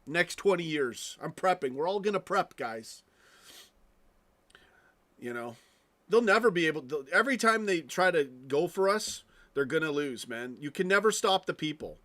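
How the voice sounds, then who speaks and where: A man's voice: a little high, animated, moderate pace, fairly bright tone. A man hosting a casual live stream, ranting with frequent swearing and restarts, tossing asides to his viewers. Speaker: fan channel live streamer.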